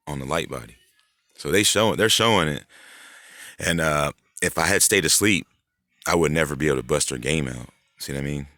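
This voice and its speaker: A man's voice: extremely low pitch, pushed and bright, dry recording. A man hosting his own vlog, talking in a loose, rambling monologue full of swearing, fillers and restarts. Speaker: channel host.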